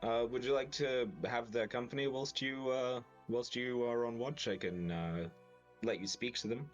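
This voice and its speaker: A man playing a tabletop game in character, speaking in a measured, dry way with pauses. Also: mid-range voice, dull audio, soft background music. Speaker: player.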